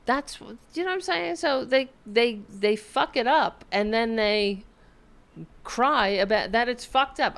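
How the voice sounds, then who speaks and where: A woman's voice: on the high side, unhurried, a bit bright. A woman hosting a political podcast, ranting angrily with lots of swearing and repeated restarts. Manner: angry, profane, repetitive ranting. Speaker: podcast host. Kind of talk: political commentary rant.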